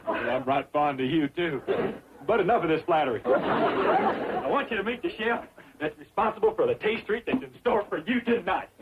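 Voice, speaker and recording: An actor playing a dim-witted, boastful young country bumpkin with a drawl, goofy and excitable, in 1960s sitcom style. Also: male voice, sits high, moderate pace, over a noisy crowd, heavy background noise. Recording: lo-fi 1960s TV audio with laugh track.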